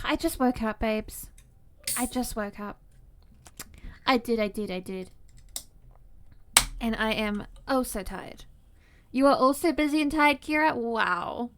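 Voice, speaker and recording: A woman's voice: on the high side, animated, slow, pauses often, bright, forceful tone, a little hiss or hum. A young woman livestreamer chatting casually with her viewers from her desk at home, playful and giggly, with cutesy baby-talk phrasing. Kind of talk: casual chat with stream viewers.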